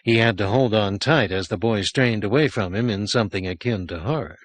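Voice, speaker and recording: A man reading a horror short story aloud as an audiobook narrator, measured and expressive. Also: fairly low pitch, no echo. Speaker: audiobook reader.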